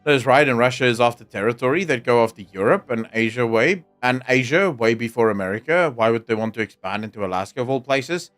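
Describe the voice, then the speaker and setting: A young South African man riffing on a live stream, sardonic and profane, his voice sitting at an ordinary middle pitch. Faint music plays under his loose, joking chat. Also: expressive, quick pace, hardly any pauses, fairly bright tone. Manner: sardonic, joking, frequent laughter and swearing.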